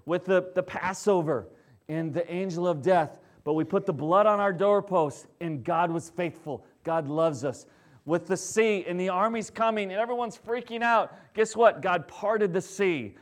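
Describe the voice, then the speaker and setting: In a conversational sermon, a male pastor frequently checks in with the people listening. His delivery alternates between loud emphasis and soft, low stresses.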